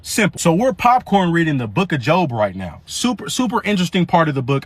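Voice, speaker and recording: High-voiced animated young man storyteller. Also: fairly quick, hardly any pauses. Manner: animated, slangy, rambling with restarts. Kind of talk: comedic storytelling to camera.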